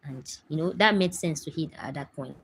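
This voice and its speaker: Brief: Nigerian woman in her thirties, low voice, chatty home-stream host, faint hiss behind. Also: normal speed. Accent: Nigerian English. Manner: chatty storytelling, emphatic asides to viewers. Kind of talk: casual chat to a live audience.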